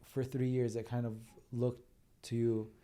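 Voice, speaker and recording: A man's voice: mid-range voice, flat delivery, unhurried, warm tone. A man hosting a podcast, talking in a reflective, encouraging way. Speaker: podcast host. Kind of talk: conversational podcast interview.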